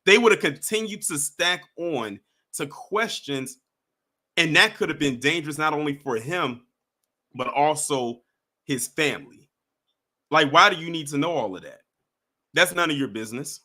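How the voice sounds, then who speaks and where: A man's voice: fairly high pitch, lively intonation, moderate pace, long pauses, sharp tone. A man reading a news story aloud and breaking off into emphatic, indignant commentary. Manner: emphatic, indignant asides between read passages. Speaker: commentary streamer.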